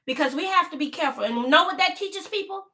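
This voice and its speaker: High-voiced, bright woman in her fifties. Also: animated. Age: 50s. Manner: emphatic, repeats points, greets viewers mid-sentence; slows down to stress key lines. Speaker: vlogger on a live stream. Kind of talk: casual chat to a live audience.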